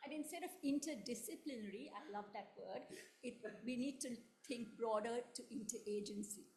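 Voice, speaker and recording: A woman's voice: fairly high pitch, normal speed, a little mellow. A woman from the audience, a funder, giving her comments hesitantly with many ums and an earnest tone. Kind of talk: audience question at a panel. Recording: echoey room.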